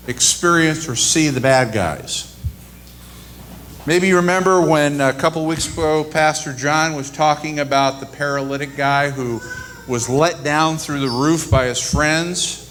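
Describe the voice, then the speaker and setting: A man's voice: a little high, a bit bright. A man preaching a sermon and retelling scripture in a casual, storytelling way. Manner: conversational storytelling. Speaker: pastor.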